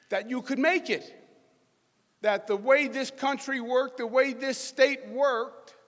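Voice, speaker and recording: A man's voice: very high-pitched, fairly bright tone. Emphatic Queens-accented man in a hall. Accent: New York, Queens. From New York. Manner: folksy, emphatic, punchy crowd-rousing delivery. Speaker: politician giving a speech. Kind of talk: rally speech. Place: large hall with a live audience. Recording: echoey hall PA sound.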